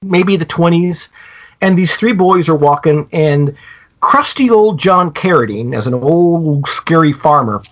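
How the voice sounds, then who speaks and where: A man co-hosting a podcast, retelling a story in a casual, animated way with many halting restarts. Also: a little high. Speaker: podcast co-host. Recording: dull lo-fi podcast audio.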